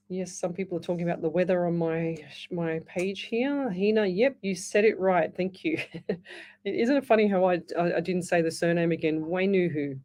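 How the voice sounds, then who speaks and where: Woman, radio psychic medium, lowish voice, reassuring, repetitive restarts. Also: a little mellow. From Australia. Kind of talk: live radio psychic reading.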